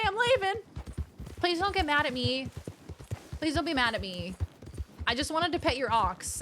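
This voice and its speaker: A woman with a high, bouncing voice comments on a game she is streaming from home. She jokes, exclaims and chats with viewers on a desk microphone. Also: a little hiss or hum. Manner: animated, jokey, exclaiming at the screen.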